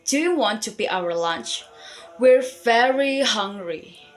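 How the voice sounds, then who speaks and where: A teenage girl voicing a group of greedy, hungry crocodiles in a storybook tale, with an eager, loud manner. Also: fairly high pitch, lively intonation, slow pace, faint music behind.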